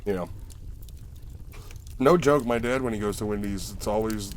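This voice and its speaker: A man's voice: fairly low pitch, normal speed, a little hiss or hum. A man hosting a casual chat, telling stories with plenty of swearing and acting out the people in them. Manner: profane, storytelling, animated in anecdotes.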